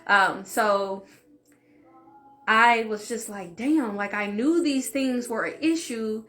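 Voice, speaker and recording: A woman's voice: fairly high pitch, takes it slowly, fairly bright tone. A young adult woman vlogger telling a candid, emotional personal story in casual conversational talk, with fillers and asides. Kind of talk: storytime vlog.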